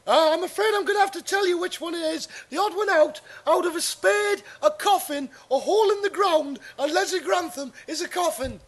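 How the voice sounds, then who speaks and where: A man doing a chirpy, high game show host. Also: a little fast, few pauses. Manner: bouncy, chirpy presenter patter. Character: over-eager male game show host, middle-aged, fussy.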